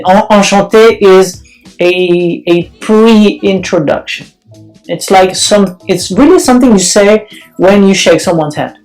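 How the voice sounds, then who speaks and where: A young man from Paris with a Parisian French accent, giving a relaxed, chatty French lesson to camera. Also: high-pitched, measured pace, soft background music, rough recording. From France. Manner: relaxed and chatty, with many fillers. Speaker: French teacher. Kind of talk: casual language lesson to camera.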